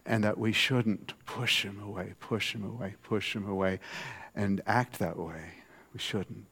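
A man preaching a sermon in a conversational way, swinging from soft, low asides to loud, emphatic lines. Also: fairly even intonation, measured pace, breathy edge.

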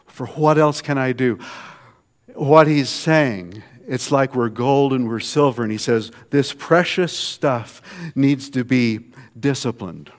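A man preaching a sermon in a conversational way, swinging from soft, low asides to loud, emphatic lines.

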